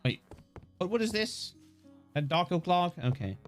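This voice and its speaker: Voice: medium pitch, sing-song, unhurried, soft background music. A livestreamer giving casual, joking gameplay commentary, swearing freely along the way.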